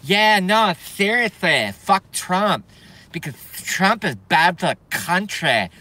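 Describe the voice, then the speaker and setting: A man's voice: sits high, animated, slow, pushed and bright, no echo, exaggerated voice. A man voicing a whiny, limp-wristed liberal caricature with a lisp and a put-on Southern drawl, sneering and profane. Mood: mocking.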